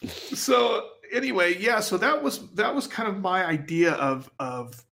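A man co-hosting a podcast in casual chat, speaking in a halting, stop-start way with fillers. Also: high voice, lively intonation, vocal fry, bright, forceful tone. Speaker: podcast co-host.

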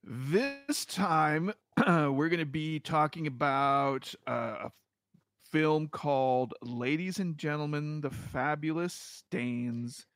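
A podcast co-host, a man, chats in a laid-back, self-deprecating way and pauses on fillers. His voice is a little high. The sound is dry and close, with no room echo. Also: a bit bright. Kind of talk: casual chat.

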